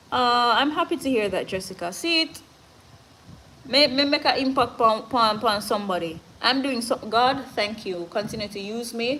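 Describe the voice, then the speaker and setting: Jamaican woman, live-stream host, earnest and motivational, slips into patois, breathless, mid-pitched voice. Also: fairly bright tone, a little hiss or hum, rough recording. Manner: earnest and motivational, switching between patois and standard English. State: short of breath. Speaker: livestream host reading viewer comments. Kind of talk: casual live-stream chat.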